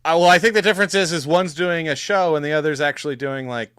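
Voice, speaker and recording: A man's voice: fairly high pitch, fast talker, a bit bright, clean tone, dry recording, clean studio sound. A man chatting in a casual debate, joking and rambling as he talks.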